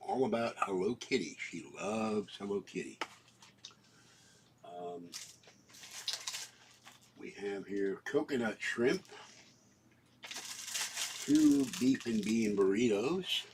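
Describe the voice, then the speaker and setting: A man's voice: fairly low pitch, expressive, takes it slowly, pauses often, noisy background. An older man with a cough, chatting casually and rambling through his shopping haul at home, with fillers and frequent coughing fits.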